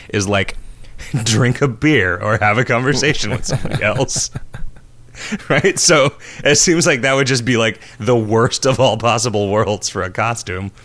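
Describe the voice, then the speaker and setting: A man with a deep, low voice chats casually on a podcast. He rambles, trails off and laughs often at crude jokes. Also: fairly bright tone. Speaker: podcast co-host.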